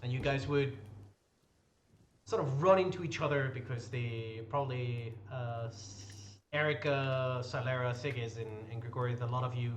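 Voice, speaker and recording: A man's voice: mid-range voice, moderate pace, a little hiss or hum. A man narrating a tabletop game as game master, describing scenes with frequent restarts.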